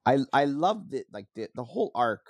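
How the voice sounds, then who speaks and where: A man co-hosting a podcast, giving relaxed, opinionated takes in casual chat with small restarts. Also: mid-range voice, normal speed, no echo. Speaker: podcast co-host.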